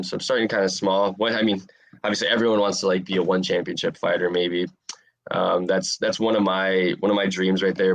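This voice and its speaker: A man in his twenties answering interview questions in a relaxed, rambling way with lots of fillers. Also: sits low, creaky, no echo. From USA. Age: 20s. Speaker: interviewed fighter.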